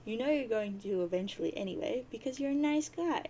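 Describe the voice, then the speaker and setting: A woman's voice: fairly high pitch, expressive, brisk, mellow, a little hiss or hum, natural voice. A woman reading a webcomic aloud, voicing a blunt, teasing blind teenage girl in a bossy, mocking way.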